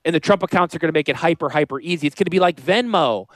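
A man with a northern US accent hosting a radio show, talking in a high-pitched voice, joking and rambling off on tangents. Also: very fast, no echo. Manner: animated, joking, goes off on tangents. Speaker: radio show host and financial planner.

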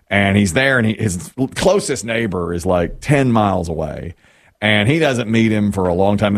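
A man co-hosting a radio show, chatting casually and telling a long rambling joke with lots of laughter. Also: fairly low pitch. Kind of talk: casual morning show banter.

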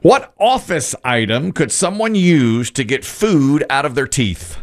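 A man's voice: mid-range voice, very animated, unhurried. A man hosting a survey game show, upbeat and joking as he reads answers and questions.

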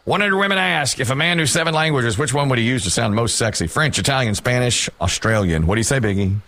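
A man hosting a game show, reading questions with teasing, quick patter. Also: medium pitch, expressive, bright, forceful tone, no echo.

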